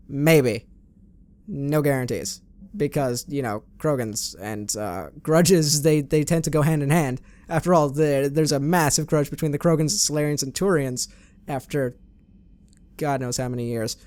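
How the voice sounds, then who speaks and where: A man's voice: a little high, normal speed, darkish tone, clear, resonant tone. A man hosting a let's play, chatting casually and reading in-game messages aloud with his own asides. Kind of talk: casual gameplay commentary.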